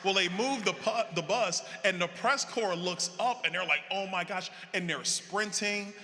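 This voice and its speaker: A man giving a political convention speech, telling stories to a live audience with animated energy, acting out the dialogue. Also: sits high, measured pace. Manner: animated, acts out quoted dialogue. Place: large convention hall. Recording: reverberant hall with faint crowd ambience.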